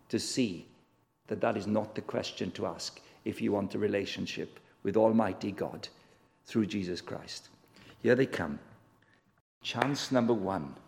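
A man's voice: vocal fry, a little mellow. A man preaching a sermon as a guest preacher, chatty and direct, asking the congregation questions and acting out the voices he quotes. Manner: conversational, asks the congregation questions; acts out quoted voices with big pitch swings. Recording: long reverb of a large hall.

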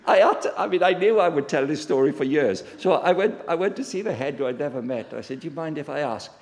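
A man preaching in a big reverberant hall, his voice gravelly and pitched a little high. He swings his pitch widely as he tells stories and acts out both sides of a conversation. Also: expressive, fast talker, few pauses. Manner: storytelling, acts out voices in dialogue. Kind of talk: sermon.

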